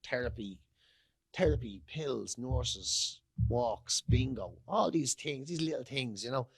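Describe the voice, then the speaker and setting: A man's voice: medium pitch, animated, slow pace, slightly rough, no echo, studio quality. A man in his forties with an Irish accent, a guest telling personal stories in a loose, reflective way. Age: 40s. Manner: reflective, loose, repeats words and trails off. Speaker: guest, comedian and radio presenter. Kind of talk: candid conversational storytelling. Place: podcast studio.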